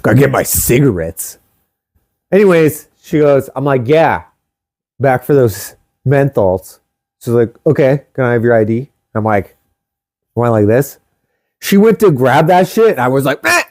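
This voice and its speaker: Young male co-host, casual storyteller, animated, profane, mid-pitched. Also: unhurried. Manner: animated, swears freely, acts out quotes.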